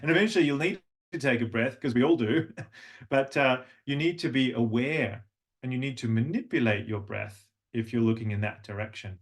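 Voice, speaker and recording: A middle-aged voice and language coach with a medium-pitched voice runs a voice workshop at a moderate pace. His accent is mostly neutral with a slight Australian trace, and he's a warm, demonstrative teacher who breaks into sung and spoken examples.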